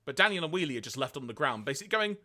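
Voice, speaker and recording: A man co-hosting a podcast, retelling episodes in a lively way and acting out quoted lines. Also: racing. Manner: lively storytelling, acts out quoted lines in high voices. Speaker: podcast co-host. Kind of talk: casual podcast recap.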